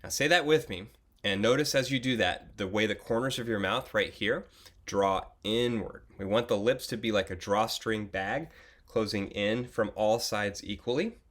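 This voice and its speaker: A young man teaching a beginner oboe lesson, patient and encouraging, often pausing with fillers and restarting his sentences. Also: on the low side, fairly bright tone. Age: young adult. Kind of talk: instructional video lesson.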